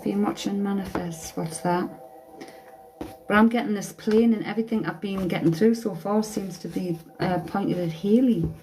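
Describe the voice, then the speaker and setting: A woman's voice: mid-range voice, moderate pace, dark tone, faint music behind, rough recording. A woman giving a casual live-stream tarot reading as a psychic medium, chatty and blunt, swearing casually.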